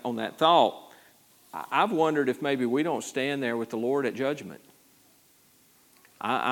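A man teaching a verse-by-verse sermon in an easy, talky way. He trips over his words and restarts often. When he quotes how people talk, his voice leaps up sharply. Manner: conversational teaching with frequent stammered restarts; animated, jumps high when acting out quotes. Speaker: pastor.

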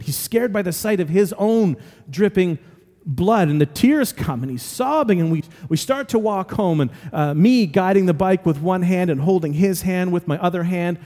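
A man with a high, mellow voice preaches a sermon as pastor, telling stories earnestly and hammering his points home through repetition. The long reverb of a large hall surrounds his words.

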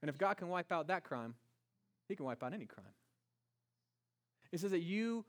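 A man's voice: fairly high pitch, animated, normal speed. A man preaching a sermon to his congregation, asking rhetorical questions and pressing his points with rising emphasis. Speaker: pastor.

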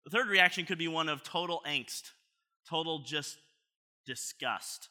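Bright, forceful male pastor preaching. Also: fairly high pitch, measured pace. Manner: conversational and playful, asking the congregation questions. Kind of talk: sermon. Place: church service before a congregation.

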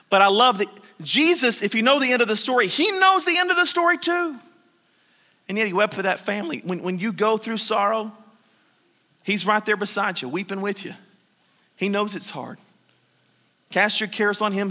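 A man preaching a sermon. He reads scripture and acts out the disciples and Martha in animated paraphrase. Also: sits high. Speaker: pastor. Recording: long hall reverb.

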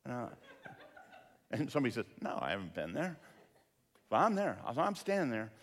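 A middle-aged man preaching a sermon as pastor, telling a story with lively acted-out quotes and dropping low for asides. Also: fairly quick, long pauses. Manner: animated storyteller, acts out quotes, drops to a near-murmur for asides.

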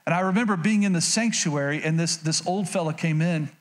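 A man's voice: on the high side, brisk. A middle-aged male pastor delivering a sermon in a folksy, conversational way, repeating phrases and acting out little quotes. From Oklahoma. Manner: folksy, conversational preaching with repetitions and acted-out quotes.

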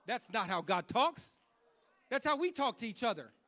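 Male preacher, very high and bright, folksy and fervent, repeats himself and swells in volume. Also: sing-song, moderate pace. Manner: impassioned, repetitive preaching that builds to loud fervor; colloquial, with slips and restarts. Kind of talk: sermon.

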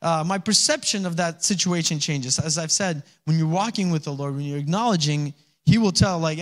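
High-voiced pastor preaching conversationally. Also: male voice, a little fast. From Alaska. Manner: conversational preaching, acts out little voices and laughs; rising to loud exhortation. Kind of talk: sermon.

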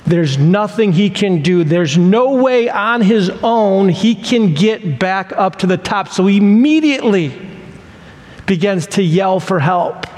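Man, pastor, storytelling sermon, high voice, unhurried delivery, reverberant hall. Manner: storytelling, conversational.

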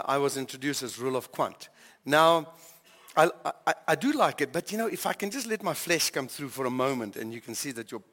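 A man's voice: mid-range voice, fairly bright tone, big-room sound. An older man and grandfather, preaching a conversational sermon with many questions to his congregation. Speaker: pastor.

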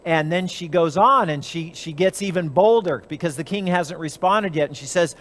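A man's voice: a little high, normal speed, few pauses, a bit bright. A man giving a conversational Bible teaching as a preacher, retelling the story with animation and briefly acting out the characters' lines.

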